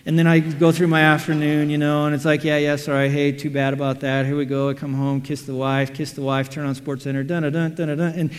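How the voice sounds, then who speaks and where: Animated male pastor in a reverberant hall. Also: fairly high pitch, brisk, hardly any pauses. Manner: animated, acts out quotes and everyday scenes. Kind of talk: sermon.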